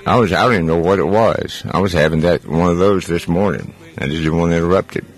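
A man's voice: sits low, fast. A man hosting a call-in radio talk show, chatty and jokey, often rambling as he talks. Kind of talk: casual call-in radio chat.

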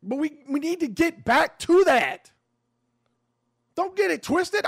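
A man with a strikingly high, gravelly voice holds forth on a talk show, and his pitch swings widely as he pushes his point. He is blunt, swears freely, and circles back over his words for emphasis. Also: lively intonation, normal speed, pushed and bright. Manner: repeats and restarts words while building a point. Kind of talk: opinionated radio talk.

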